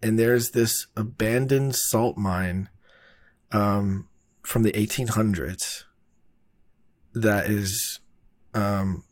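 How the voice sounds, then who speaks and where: Chill guy rambling thru a shoot story, kinda low voice, lots of "like" and cussing, dry close sound. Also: fairly even intonation, extremely slow, pauses often, dry recording. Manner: rambling, laid-back, heavy on fillers and swearing. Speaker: filmmaker telling a production story. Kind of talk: casual storytelling.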